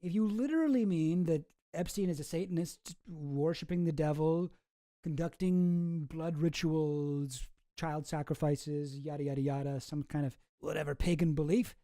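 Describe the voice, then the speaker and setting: Male streamer host, fairly high mellow voice, sarcastic and rambling, dry close sound. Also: normal speed, no echo. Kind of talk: casual livestream commentary.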